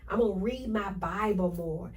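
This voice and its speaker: A woman hosting a motivational podcast, talking in an energetic, preachy way and repeating affirmations to her listeners. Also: medium pitch, moderate pace, distant mic, low-quality recording. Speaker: podcast host.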